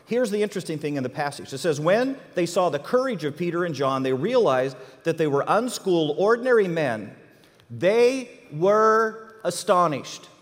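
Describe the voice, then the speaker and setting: A man teaching an interactive Bible class, animated and quizzing his listeners with questions. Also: on the high side, in a large hall.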